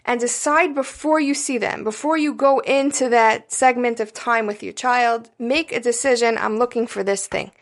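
A woman's voice: fairly high pitch, steady tone, moderate pace, hardly any pauses. A woman giving a casual spoken parenting lesson, coaching listeners directly and often checking in with "right?" and "you know". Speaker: parenting educator.

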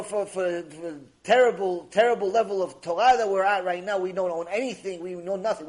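High-voiced man giving an animated Torah talk. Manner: animated, acts out dialogues, reads Hebrew quickly. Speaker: Torah teacher. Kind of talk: mussar lecture.

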